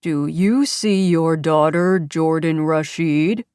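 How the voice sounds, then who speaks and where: A cold male kidnapper in a masked audiobook scene speaks slowly and with menace, as a woman narrator puts him on. His voice sounds altered and unlike a natural speaking voice, pressing each word with deliberate weight. The lines are close and dry. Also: sits low, a little mellow, clean tone, no room sound. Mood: menacing. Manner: slow, deliberate, distorted.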